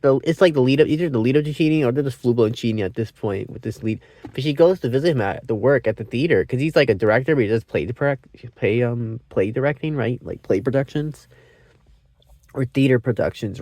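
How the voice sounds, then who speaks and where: A man chatting through a film review in a loose, wandering way, cutting himself off mid-thought and dropping casual curses. His voice sits at an ordinary middle pitch. The sound is dry and close, with no room around it. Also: brisk, gravelly, darkish tone, dry recording. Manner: meandering, self-interrupting, swears freely. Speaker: movie reviewer.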